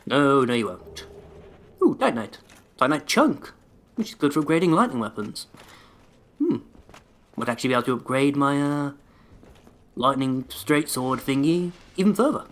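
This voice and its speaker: A man narrates his own gameplay in a sarcastic, foul-mouthed running patter. His voice sits slightly high and has a bright, sharp edge. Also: lively intonation, moderate pace, pauses often. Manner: sarcastic, sweary running banter. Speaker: let's play host. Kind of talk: gameplay commentary.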